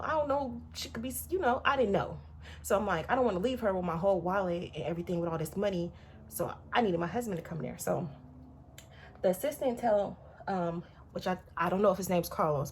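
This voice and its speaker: A young woman vlogging, chatting to her viewers in a slightly low voice. She tells her story animatedly and jumps into quoted voices. Faint noise sits under the recording.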